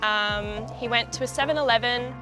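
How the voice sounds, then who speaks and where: A woman's voice: on the high side, normal speed, music in the background. Upset young woman in her twenties. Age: 20s. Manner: upset and hesitant. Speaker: interviewee. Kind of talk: casual interview.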